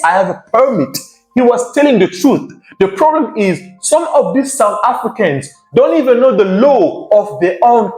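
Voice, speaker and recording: A man's voice: high voice, a little mellow. A man hosting an opinion commentary, talking emphatically and repeating his points for effect, like a lecture. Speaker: commentary channel host. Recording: roomy echo with faint music behind.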